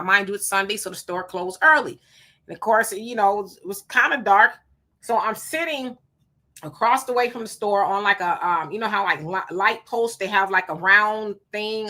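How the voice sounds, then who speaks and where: A middle-aged woman, hosting a live stream, reading viewer comments and telling stories in an animated, emphatic way; she is hot and sweating. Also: mid-range voice. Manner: animated storyteller, emphatic and preachy when warning.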